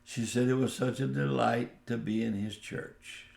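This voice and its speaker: A man preaching on a radio show, telling a slow, folksy story with quoted dialogue. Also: mid-range voice, steady tone, creaky, darkish tone, roomy sound.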